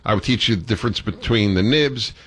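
A middle-aged man hosting a call-in radio talk show, animated and given to playful lecturing. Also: fairly low pitch, a little fast.

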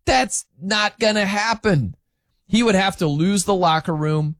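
A man's voice: high voice, unhurried, no echo, studio quality. A man hosting sports talk, giving opinionated, emphatic commentary that rambles with restarts.

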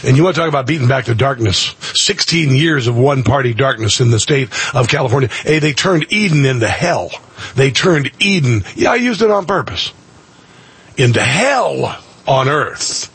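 Husky man in his sixties preaching on air. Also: medium pitch, expressive, normal speed, a bit bright, dry recording. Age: 60s. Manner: preachy, emphatic, repeats phrases for effect. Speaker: radio talk show host. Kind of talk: impassioned talk radio monologue.

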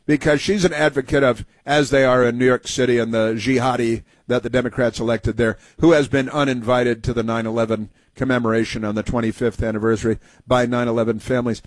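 A man's voice: mid-range voice, no echo. Sarcastic male talk radio host. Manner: sarcastic, mocking, halting with fillers.

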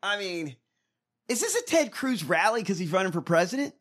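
A man's voice: sits high, fairly quick. A man co-hosting a casual podcast, joking and swearing as he reacts to clips. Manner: animated, profane, joking. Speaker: podcast co-host. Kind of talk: casual political chat.

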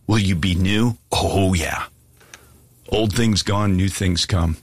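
A man's voice: fairly low pitch, takes it slowly, husky, dry recording, studio quality. A man preaching an earnest, pleading sermon and asking listeners to give their lives to Jesus. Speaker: pastor. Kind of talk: sermon altar call.

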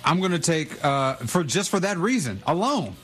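A man's voice: a little high, sing-song, moderate pace, fairly bright tone, faint music behind. Easygoing male studio guest. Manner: easygoing, amused. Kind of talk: casual sports betting chat.

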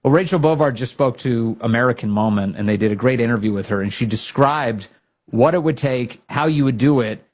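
Male political talk host, husky, emphatic commentary, fired up at times. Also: medium pitch, fairly quick. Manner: emphatic, grows loud and excited when rallying.

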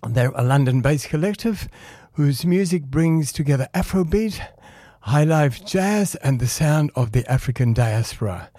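A male radio DJ wrapping up his show with upbeat, friendly announcements. His voice is mellow and slightly raised in pitch, and he sounds a little out of breath. The studio sound is dry and close. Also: expressive, a little slow, no echo. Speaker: radio DJ and host.

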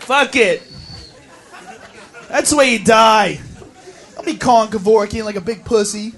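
A man doing stand-up comedy, ranting loudly with crude jokes on a club stage. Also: sits high, a little slow. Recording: live club with crowd laughter.

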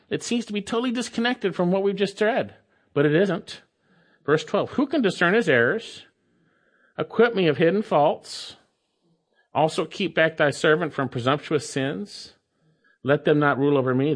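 Man, pastor, expository sermon, slightly high voice, very animated pitch, emphatic repetition. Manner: emphatic, repeats key phrases with dramatic pauses; stretches words slowly for emphasis, then speeds up.

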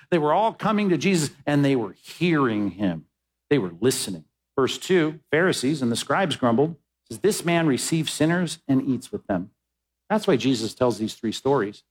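A male pastor preaching a sermon, reading scripture aloud and swinging between emphatic peaks and quiet asides. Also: fairly high pitch.

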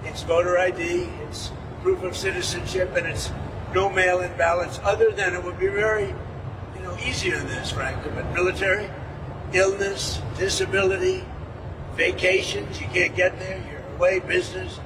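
A man giving rambling off-the-cuff remarks to the press, repetitive and halting. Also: high voice, steady tone, distant mic, noisy background. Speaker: politician talking to press.

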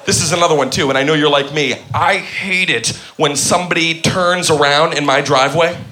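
A man doing a stand-up comedy set, telling a story with animated mock outrage. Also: fairly high pitch, a little fast. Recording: live club with crowd and noise.

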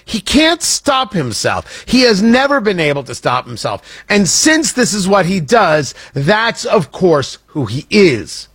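A man's voice: sits high, big pitch swings, measured pace, a bit bright, slightly rough. A man hosting a political commentary show, ranting in an emphatic, combative way and reacting to the chat room.

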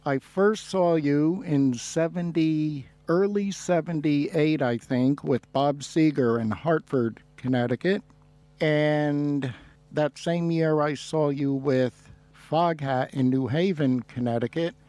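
A man's voice: a little high, takes it slowly, dark tone, dry recording. A man hosting a casual radio interview, reminiscing in a rambling way with many restarts. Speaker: radio host.

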